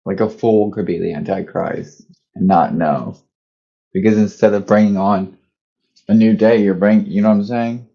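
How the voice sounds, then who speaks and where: A man co-hosting a comedy podcast, easygoing and quick to laugh, musing with hedges. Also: fairly low pitch, fairly even intonation, gravelly, slightly rough, lo-fi sound. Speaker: podcast co-host. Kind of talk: casual comedic chat.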